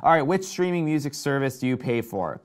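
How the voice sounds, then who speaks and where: A man hosting a casual live tech show, talking excitedly and reading out viewer comments. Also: medium pitch, a little fast.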